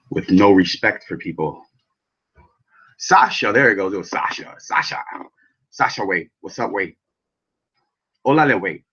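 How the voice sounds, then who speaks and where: A man with a fairly low voice hosts his own vaping channel, chatting loosely with viewers. He rambles from one thought to the next and swears freely. The sound is muffled and lo-fi. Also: fairly bright tone, slightly rough. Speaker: vape channel host. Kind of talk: casual live chat while building coils.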